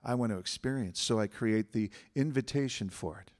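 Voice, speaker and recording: A man giving a spiritual talk as a guest speaker, leading the group in repeated affirmations said slowly and with emphasis. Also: lowish voice, a little mellow.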